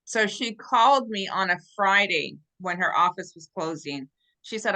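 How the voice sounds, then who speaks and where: A woman guest telling her story in an animated, earnest way over a video call. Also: mid-range voice, moderate pace, rough recording. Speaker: interview guest. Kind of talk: casual storytelling.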